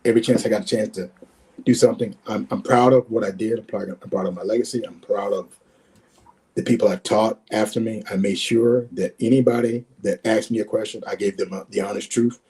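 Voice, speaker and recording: A man in his sixties, a former football player and guest, telling stories in a lively way and often repeating words. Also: on the low side, fairly quick. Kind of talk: animated storytelling.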